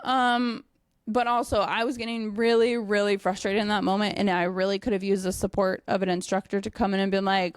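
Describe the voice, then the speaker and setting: A young woman and dog trainer telling a casual story, animated, with many fillers and frequent swearing. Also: mid-range voice, a little fast, clear, resonant tone, no echo, studio quality. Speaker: dog trainer and company owner.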